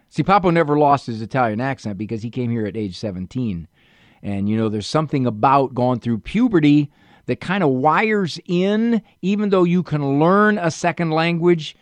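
A man's voice: a little high, dry recording. A man hosting a psychology call-in radio show from a studio, chatting casually with dry humor and personal anecdotes. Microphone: studio mic.

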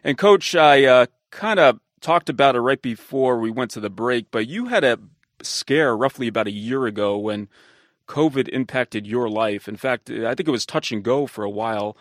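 A man hosts a podcast in a mid-pitched, everyday voice, introducing a guest and asking long, loosely worded questions. The sound is close and dry, with no room around it. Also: normal speed, no echo. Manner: conversational, with fillers and run-on questions. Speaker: podcast host. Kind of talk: interview host introduction and questions.

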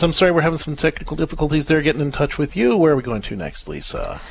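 A man hosting a call-in radio advice show, gentle and reassuring, his voice often dropping softer at the ends of phrases. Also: on the high side, big pitch swings, rapid-fire, gravelly, hardly any pauses, husky, dry recording. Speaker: radio show host and counselor.

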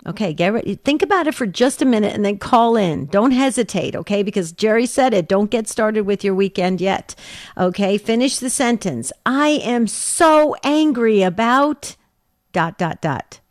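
A woman co-hosting a religious talk radio show, with a voice of middling pitch for a woman. She talks with strong emphasis and feeling, stressing her points by repeating words. The recording is dry and close, like a studio microphone. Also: lively intonation, normal speed, darkish tone, dry recording. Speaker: radio co-host. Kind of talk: Catholic talk radio chat.

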